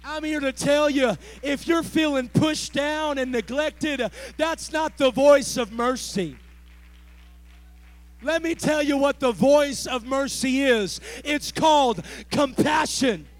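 A man preaching a sermon in church, building into a shouted, rhythmic cadence broken by "uh" between phrases. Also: very high-pitched, slow pace. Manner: speaks in tongues. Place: church sanctuary.

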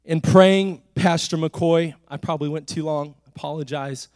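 A man preaching a sermon in a church, rising to shouted declarations with "uh" between phrases and falling back to soft, low talk. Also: fairly even intonation, normal speed, smooth, no room sound. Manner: drops to soft, low speech between climaxes.

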